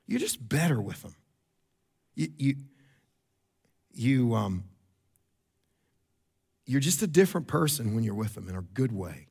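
A middle-aged male pastor, preaching in a mid-pitched voice. He talks to the congregation as if chatting, restarts phrases, and pushes his voice up for emphasis. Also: very animated, a little mellow, breathy edge. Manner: conversational, repeats words, quick asides to the congregation; rises in pitch and volume for emphasis. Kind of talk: sermon.

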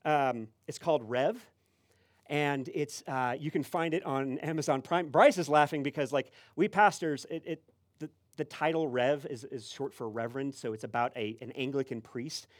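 A man's voice: medium pitch, moderate pace, no echo, studio quality. A male pastor preaching a conversational sermon, telling a story with lots of fillers and restarts. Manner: animated storytelling with many fillers.

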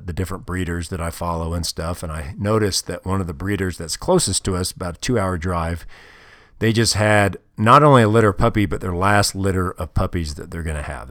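A man's voice: sits low, fairly bright tone, no echo, clean studio sound. A man hosting a casual solo podcast, telling a long story in a tired, rambling, frank way with crude words. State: tired, yawning. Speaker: podcast host.

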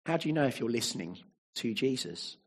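A man's voice: mid-range voice, very animated, brisk, slightly rough. A man preaching a sermon, emphatic and fond of rhetorical tag questions.

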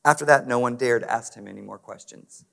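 A man's voice: mid-range voice, a little fast, creaky, a bit bright. A man preaching a conversational sermon, talking straight to the congregation and asking them to respond. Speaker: pastor. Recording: long hall reverb.

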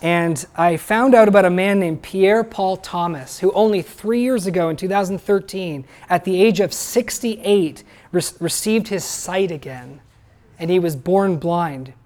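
A pastor gives a sermon a little slowly, his high voice carrying a darkish tone. He addresses his congregation plainly and conversationally, asking them questions.

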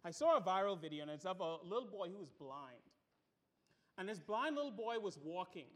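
A male pastor preaching in a church with a strikingly high voice. He is emphatic and builds momentum through repeated phrases, sometimes dropping quiet and slow for weight. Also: sing-song. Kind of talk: sermon. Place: church room with congregation.

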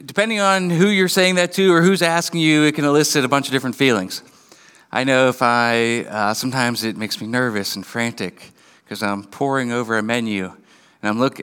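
A man's voice: medium pitch, bright, forceful tone, clear, resonant tone. A man in his thirties giving a conversational sermon as pastor, joking and acting out little everyday scenes. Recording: long hall reverb.

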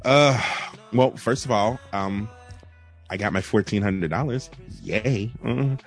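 Chill guy hosting a podcast, mid pitch, a little music in the back. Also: takes it slowly. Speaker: podcast host. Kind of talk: casual chat.

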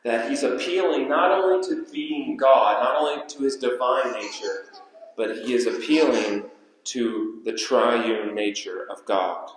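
A man preaching a sermon as pastor, with emphatic delivery that repeats key phrases and slows down for weight. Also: mid-range voice. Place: church sanctuary. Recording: echoey church hall.

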